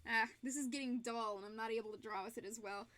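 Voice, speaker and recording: Young michigan gal chatting on her craft stream, giggly and chatty, high voice. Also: fairly even intonation, quick pace, a bit bright. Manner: giggly, chatty, laughs often. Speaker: fursuit maker and streamer. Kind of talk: casual live-stream chat while crafting.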